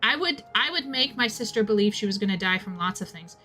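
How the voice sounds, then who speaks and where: A young woman with a bright, forceful voice tells a rambling story between thoughts on a game, often stopping short and restarting her sentences. Faint music plays softly behind her as she talks. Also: medium pitch, a little fast. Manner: rambling, self-interrupting, animated storyteller. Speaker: streamer playing a game. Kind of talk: casual storytelling chat.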